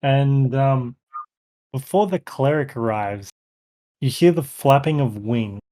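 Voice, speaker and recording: A man running a tabletop game, talking at an ordinary middle pitch. He narrates easily, stopping on an "um" now and then to find the next beat. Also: slow. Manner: relaxed, hesitant with fillers. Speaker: game master.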